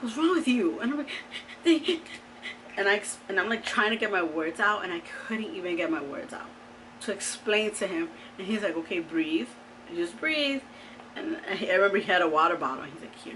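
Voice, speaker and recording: Woman vlogging casually, bright clear voice, lots of "like", faint room noise. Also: medium pitch, low-quality recording. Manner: chatty, animated, lots of "like" and "oh my God". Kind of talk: casual storytelling to camera.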